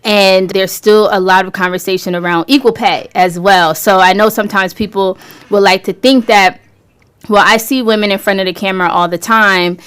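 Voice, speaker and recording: A woman's voice: medium pitch, steady tone, moderate pace, fairly bright tone, clear, resonant tone. A woman hosting a radio talk show, speaking in an upbeat, enthusiastic way as she introduces her show and her guest. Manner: upbeat, enthusiastic promotional delivery.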